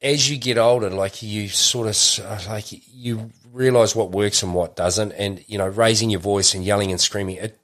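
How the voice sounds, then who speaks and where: A man's voice: lowish voice, fairly even intonation, moderate pace, few pauses, a bit bright. A middle-aged man, talking in a rambling way full of fillers and restarts in a casual interview. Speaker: podcast guest.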